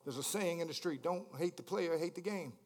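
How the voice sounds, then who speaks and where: A man preaching a sermon, repeating words in stammering restarts, asking the congregation questions and swinging from hushed lines to shouted climaxes. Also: fairly high pitch, brisk. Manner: repetitive stammering restarts, call-and-response questions. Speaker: pastor.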